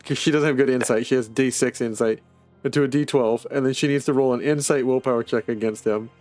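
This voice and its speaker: A man's voice: medium pitch, steady tone, brisk, darkish tone, faint music behind. A man running a tabletop game as game master, rambling with lots of "like" and restarts.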